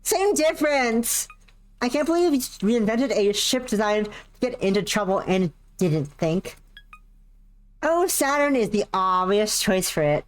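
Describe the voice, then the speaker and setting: A streamer reading as a cocky young woman pilot from a sci-fi visual novel, blunt and taunting, lobbing jabs at her rival without a second thought. The voice sits a touch higher and livelier than the reader's own. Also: lively intonation, a little slow, close to an everyday voice. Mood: teasing. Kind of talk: visual novel dialogue read aloud.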